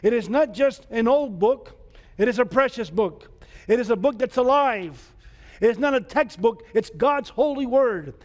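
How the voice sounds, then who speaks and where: Man pastor preaching, high voice, lots of "what?" questions, long echo in the church. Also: lively intonation, normal speed. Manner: emphatic preaching with repeated rhetorical questions. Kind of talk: sermon. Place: church sanctuary. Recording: church hall reverb.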